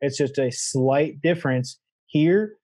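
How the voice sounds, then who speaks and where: A man guest on a podcast with a mellow, warm-toned voice. He explains a hands-on technique step by step in a practical, matter-of-fact way, sometimes demonstrating the sounds he describes. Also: fairly high pitch, takes it slowly, breathy edge. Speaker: guest, goose calling champion. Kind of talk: casual interview answers.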